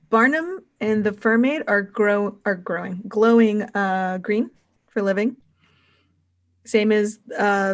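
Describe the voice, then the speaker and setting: A woman's voice: medium pitch, a little mellow. A woman running a tabletop game as game master, narrating hesitantly with many restarts.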